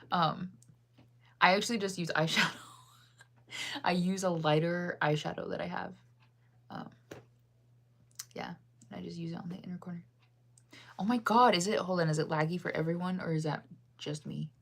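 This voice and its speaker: A woman's voice: normal speed, pauses often, a bit bright. A woman in her thirties from the United States, rambling in casual chat on a livestream with lots of ums and laughs. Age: 30s. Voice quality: deep-sounding voice. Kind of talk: casual chat, reading chat aloud.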